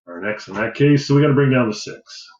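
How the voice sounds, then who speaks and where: A man's voice: mid-range voice, quick pace, darkish tone, echoey room, muffled recording. A man teaching a math lesson, talking casually and thinking aloud as he counts through a division problem. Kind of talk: worked-example math lesson.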